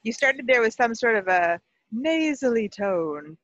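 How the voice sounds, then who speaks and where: A co-host of a casual podcast asks questions and gently teases the others. The voice sits in the middle range, and the dry recording sounds dull and lo-fi. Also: mid-range voice, expressive, measured pace, no room sound. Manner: inquisitive, teasing. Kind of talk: casual chat.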